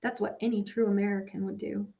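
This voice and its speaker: A woman's voice: mid-range voice, normal speed, close to an everyday voice. A woman voicing a pushy schoolboy bully who uses a false, salesman-like friendliness, on a dull lo-fi recording. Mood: needling. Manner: wheedling salesman-like tone.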